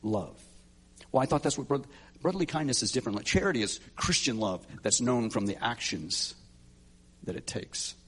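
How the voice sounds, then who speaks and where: A man's voice: medium pitch, expressive, normal speed, a bit bright, husky. A middle-aged male pastor preaching a sermon, building to emphatic peaks with frequent restarts and fillers.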